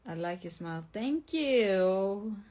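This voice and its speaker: A woman's voice: mid-range voice, lively intonation, slow pace, darkish tone. A young woman hosting a casual livestream from home, reading viewer comments aloud and answering them bluntly, often saying like. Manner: blunt, self-described mean, says like often. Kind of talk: casual live chat.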